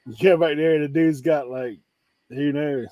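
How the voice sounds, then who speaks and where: A man in casual chat about reselling, telling animated stories and laughing often. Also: fairly high pitch, normal speed, no room sound.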